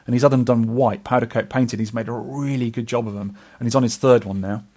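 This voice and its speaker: A man's voice: medium pitch, fairly even intonation, quick pace, mellow. A middle-aged man co-hosting an arcade podcast, chatting casually and rambling in a self-deprecating way. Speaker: podcast co-host. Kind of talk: casual chat.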